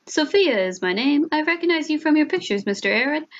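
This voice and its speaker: A woman voicing a polite young maid who speaks brightly and courteously. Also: high voice, expressive, a little fast, muffled recording, slight background noise, voice pushed up.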